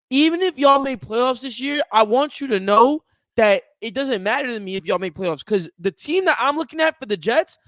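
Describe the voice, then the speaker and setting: A young man with a strikingly high voice co-hosts a casual sports chat, teasing and ranting in animated bursts. The sound is dry and close, with no room around it. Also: dry recording. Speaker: co-host. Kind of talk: casual sports podcast banter.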